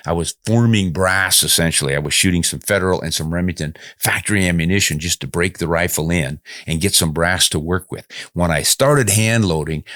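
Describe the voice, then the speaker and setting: An older man hosts a podcast, responding to viewer comments in a casual, good-humored chat full of self-deprecation. His voice sits low with a bit of brightness, captured in a dry, clean studio recording.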